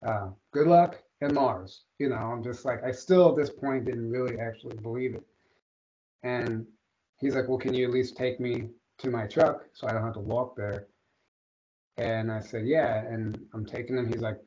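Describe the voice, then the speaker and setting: A man, a guest on an interview show, telling a long personal story in a rambling, animated way with many restarts. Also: mid-range voice, moderate pace, a little hiss or hum. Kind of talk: casual storytelling in a podcast interview. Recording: dull lo-fi audio.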